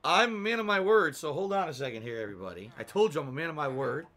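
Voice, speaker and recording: Brief: male livestreamer, lively and high-leaning, bright edge, chatty with sudden loud bursts. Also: quick pace. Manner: animated, swings from loud outbursts to low grumbling. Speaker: livestream host. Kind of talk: casual livestream chat.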